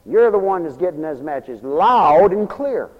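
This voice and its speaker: A male preacher giving a fervent, repetitive sermon that swings between loud emphatic lines and low murmurs, recorded for radio in a church. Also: very animated, moderate pace, muffled recording. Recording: long reverberant hall, radio broadcast tape.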